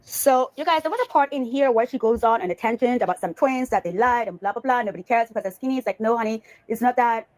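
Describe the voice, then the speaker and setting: A woman from Bali talks fast as she hosts a reaction commentary. She scolds and mocks, drops a sarcastic "honey" now and then, and her voice sits a little high. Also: a little mellow. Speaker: commentary host reacting to clips.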